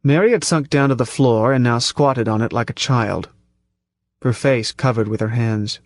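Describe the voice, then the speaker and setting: A man reading a first-person story aloud at a measured, tense pace, close to the mic. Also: medium pitch. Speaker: audiobook narrator. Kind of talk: first-person audiobook narration.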